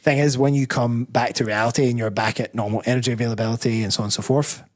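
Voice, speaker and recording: A man's voice: mid-range voice, fairly even intonation, quick pace. A Scottish man, a personal trainer and bodybuilder, talking candidly as a guest in a casual interview, often restarting his sentences. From Scotland. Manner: candid, rambling, self-correcting.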